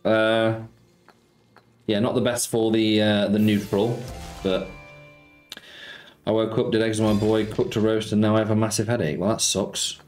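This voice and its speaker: A man's voice: fairly low pitch, flat delivery, normal speed, long pauses, darkish tone, faint music behind. A man streaming casino slots, chatting casually and greeting viewers by name as he banters about football. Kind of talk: casual live-stream chat.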